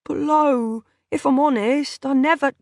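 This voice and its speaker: A woman reading the part of a remorseful, drunk man with a croaky voice, in an audiobook. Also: high voice, a little slow, darkish tone, no room sound, clean studio sound, voice pushed up. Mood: earnest. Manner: pleading, apologetic. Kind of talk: audiobook character voice.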